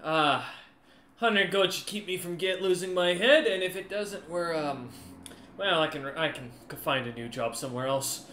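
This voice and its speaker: A man's voice: on the high side, moderate pace, bright, forceful tone, echoey room, a little hiss or hum. A man voicing a laid-back, joking guard captain in a tabletop game. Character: wry male guard captain, easygoing.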